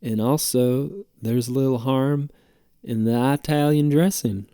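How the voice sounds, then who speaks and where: Gravelly man rambling through a story. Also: mid-range voice, unhurried, warm tone, no room sound, studio quality. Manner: rambling, profane and jokey. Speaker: podcast host. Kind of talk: casual storytelling monologue.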